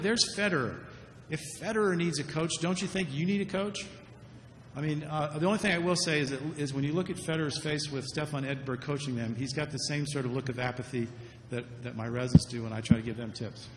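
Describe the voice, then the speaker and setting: A man giving a conference talk about surgical mistakes, earnest and repeating words when he stresses a point. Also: medium pitch. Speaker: surgeon giving a lecture. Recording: echoey lecture hall, faint noise.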